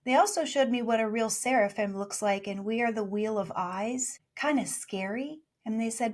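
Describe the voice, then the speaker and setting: A woman in her forties telling her story in a casual interview, playful and animated, laughing often. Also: mid-range voice, a little fast, a little hiss or hum. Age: 40s. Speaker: guest, spiritual channel.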